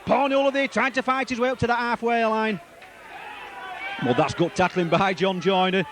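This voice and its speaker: A man giving live rugby league match commentary, excitable and rambling, repeating player names as the play moves. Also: sits high, moderate pace, crowd noise, noisy background.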